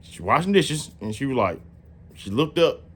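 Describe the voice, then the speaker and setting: A man in his late twenties tells a story in a loose, slangy way, swearing freely. His pitch swings widely, and he jumps up high whenever he quotes his own surprised lines. The delivery feels like unscripted casual talk. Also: sing-song, normal speed, breathy edge.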